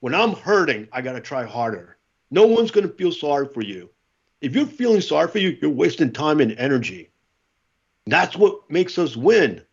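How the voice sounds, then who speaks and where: A middle-aged man, a former Marine, telling stories in a casual interview, animated and acting out what others said. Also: on the high side, moderate pace, husky, highs cut off. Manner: animated storyteller, acts out quotes. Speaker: podcast guest, former Marine.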